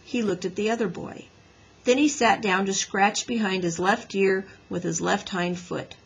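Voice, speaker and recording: A woman teacher reading a children's book aloud in a lively storybook manner, slightly raspy. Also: medium pitch, normal speed, poor audio.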